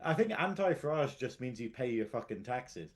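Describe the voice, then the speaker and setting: A man, co-hosting a podcast in casual chat, teasing with quick banter and frequent laughs. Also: medium pitch, very animated. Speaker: podcast co-host.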